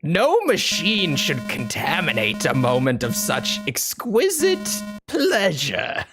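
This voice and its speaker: Gloating night-stalker villain, a guy with a sore throat hams it up, slow and lively. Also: a little high, music in the background, full character voice. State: strained throat. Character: boastful theatrical male villain, night fighter.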